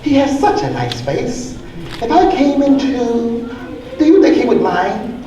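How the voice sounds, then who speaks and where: A man's voice: very high-pitched, very animated, unhurried, mellow, pitched above the performer's own voice, heavily acted. A man voicing a polite, refined male tree spider who asks to move in, speaking in a genteel, prim way. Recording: echoey hall from far off, faint noise.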